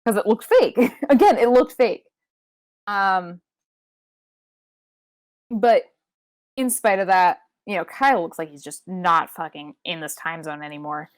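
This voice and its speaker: A woman co-hosting a podcast, recapping a wrestling show in casual chat, swearing freely and leaping into high-pitched impressions. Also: measured pace, pauses often, no room sound. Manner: animated, profane, jumps into high-pitched impressions. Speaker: podcast co-host.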